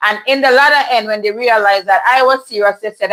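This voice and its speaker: A woman's voice: medium pitch, brisk, a bit bright, low-quality recording. A woman hosting a casual livestream, reading viewers' comments and answering them candidly. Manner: candid, chatty, laughs often. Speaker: livestream host reading chat. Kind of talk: casual live chat. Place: home in Toronto.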